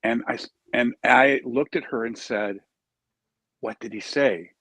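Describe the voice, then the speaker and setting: Husky man telling a story. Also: mid-range voice, unhurried, dry recording. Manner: earnest, animated storyteller, acts out quoted dialogue. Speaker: charity founder, interview guest. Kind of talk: storytelling in an interview.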